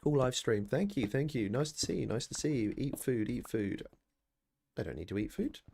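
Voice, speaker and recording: British male streamer, thirties, gravelly, rambling, self-deprecating chat, faint hiss behind. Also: medium pitch, expressive, normal speed, dark tone. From Britain. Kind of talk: casual live-stream chat.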